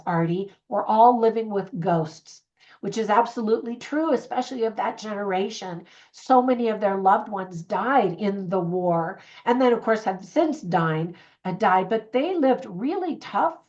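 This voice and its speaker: A woman's voice: medium pitch, a little mellow, lo-fi sound. A middle-aged woman giving a casual, earnest movie review, chatty and full of fillers and restarts.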